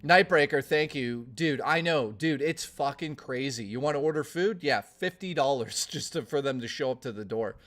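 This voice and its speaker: A man's voice: mid-range voice, a bit bright. Guy streaming live, talks loose and rants, cusses a ton. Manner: rambling, profane, quick to rant. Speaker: livestreamer. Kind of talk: casual live-stream chat.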